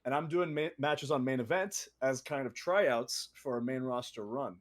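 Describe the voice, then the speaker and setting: A young man co-hosting a casual podcast, telling stories in an animated way with laughs and quoted voices. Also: mid-range voice, normal speed. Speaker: co-host.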